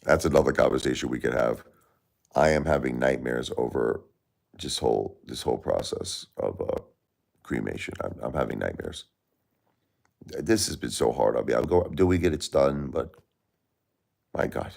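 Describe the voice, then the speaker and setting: A man's voice: extremely low pitch, moderate pace, gravelly, long pauses, darkish tone. A middle-aged man hosting a livestream, talking to his chat about his grief, turning heated and indignant when angry. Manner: grieving, talks straight to chat viewers. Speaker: livestream host. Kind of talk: emotional livestream talk to chat.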